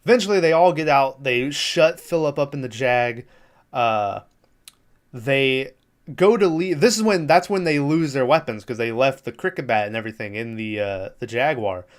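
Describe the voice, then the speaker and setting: This male podcast host has a smooth, clear, mid-pitched voice and a moderate pace. He walks through a movie scene by scene in a relaxed, rambling recap, swearing and chuckling along, more chatting than reading.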